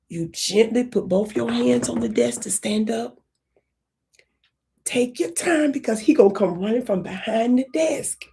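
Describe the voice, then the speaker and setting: Female livestream host, husky and fairly high, animated, talks to her chat, slips into whispers. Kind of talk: casual livestream commentary.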